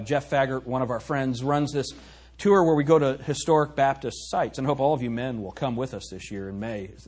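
A man preaching a sermon as pastor, swinging between soft reflection and loud, emphatic exhortation. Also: fairly high pitch, breathy edge.

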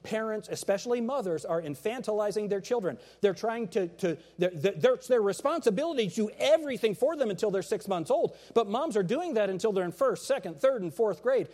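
Middle-aged male pastor, lively sermon delivery, voice sits high and swings widely, acts out quotes. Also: a little fast, hardly any pauses. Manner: animated preaching with acted-out quotes and jokes.

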